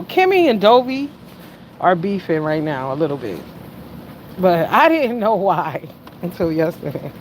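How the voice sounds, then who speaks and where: A woman around fifty hosts a loose livestream chat, talking straight to her viewers. She swings from loud bursts down to quiet asides. There is a faint hiss of noise behind her. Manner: chatty, swings from loud exclamations to low mutters. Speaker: livestream host.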